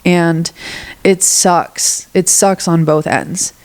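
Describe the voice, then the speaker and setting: Young woman podcaster, kinda low voice, stuffy nose, super candid and casual, swears a bit. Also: very slow. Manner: candid, animated, swears casually, acts out quoted lines. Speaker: podcast host. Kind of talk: casual solo podcast monologue.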